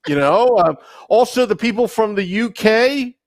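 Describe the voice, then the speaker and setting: A man's voice: sits high, lively intonation, unhurried, no echo, clean studio sound. A man co-hosting a fan podcast, chatting loosely and rambling through announcements. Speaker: podcast co-host. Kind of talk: casual podcast chat.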